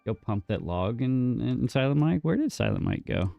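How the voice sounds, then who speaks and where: A man's voice: medium pitch, sing-song, moderate pace, creaky, few pauses, mellow, no echo, soft background music. A man streaming a game, casually bantering with his chat and teasing them in a mock-defensive way, with some casual swearing. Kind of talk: casual live gameplay chat.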